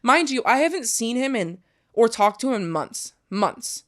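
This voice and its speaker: A woman's voice: a little high, big pitch swings, normal speed, a bit bright. A young woman, a podcast guest, recounting a personal story in a loose, casual way, with lots of "like" and frequent swearing, recorded in a studio. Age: young adult. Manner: casual, heavy use of filler "like", frequent swearing.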